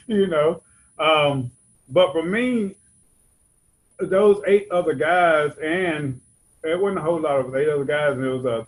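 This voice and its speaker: A man from Georgia, medium-pitched and heard through poor audio, stands on a convention hall stage giving his testimony at a recovery convention. His account wanders conversationally, peppered with "you know what I'm saying."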